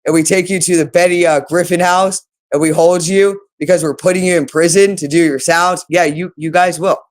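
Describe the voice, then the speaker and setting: A woman's voice: lowish voice, steady tone, brisk. Woman vlogger, heated accusatory monologue, coarse and rambling. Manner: agitated, accusatory, profane ranting. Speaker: channel host. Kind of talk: unscripted monologue to camera.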